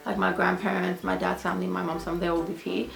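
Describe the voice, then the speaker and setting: Gushing young Australian woman vlogger, slightly gravelly. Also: lowish voice, flat delivery, fast. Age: young adult. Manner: gushing, chatty, affectionate toward viewers. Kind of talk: casual Q&A vlog. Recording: echoey room with faint music.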